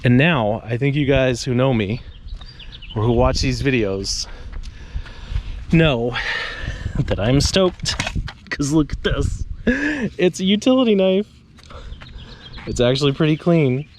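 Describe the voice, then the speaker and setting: A man's voice: medium pitch, lively intonation, takes it slowly, pauses often, background noise. A man vlogging casually outdoors on a suburban street, chatting to viewers with joking asides. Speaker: trash-picking vlogger. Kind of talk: casual vlog talk to camera.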